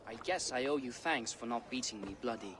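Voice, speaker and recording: An actor playing a defiant, sarcastic young Viking prince. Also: male voice, mid-range voice, expressive, a little fast, noisy background, lightly acted. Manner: sarcastic, insolent.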